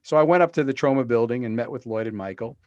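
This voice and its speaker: Over a video call, a middle-aged guest author talks quickly in a mid-range voice, with no room sound and the highs cut off. He's an animated storyteller in this interview, performing the quotes within his tales.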